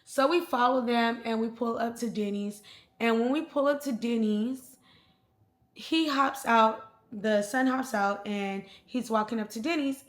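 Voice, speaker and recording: A woman vlogger telling a personal story in a casual, slangy, animated way. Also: a little high, reverberant. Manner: chatty, slangy, animated retelling.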